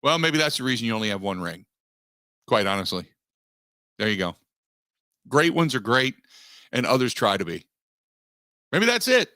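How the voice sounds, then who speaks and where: A man's voice: big pitch swings, normal speed, pauses often, sharp tone, no echo, studio quality. Emphatic male sports radio host. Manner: opinionated, emphatic, rising pitch when worked up. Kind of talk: sports talk radio monologue. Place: radio studio. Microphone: studio microphone.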